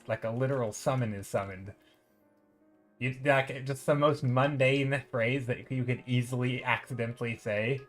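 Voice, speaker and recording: A man's voice: medium pitch, a bit bright. A man live-streaming while painting digitally, chatting casually and thinking aloud as he greets viewers in chat.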